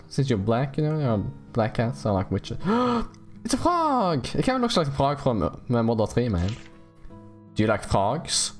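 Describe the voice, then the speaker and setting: A young man giving casual, jokey let's play commentary on a horror game, rambling and squealing up high when excited. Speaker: gaming YouTuber. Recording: faint game music behind.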